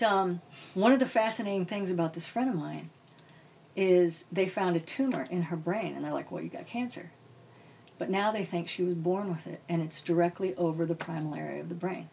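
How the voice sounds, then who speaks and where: A woman's voice: fairly low pitch, brisk, vocal fry, darkish tone, slight background noise. A woman author, a podcast guest, telling a personal story in a blunt, casual way and swearing freely. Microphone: podcast mic.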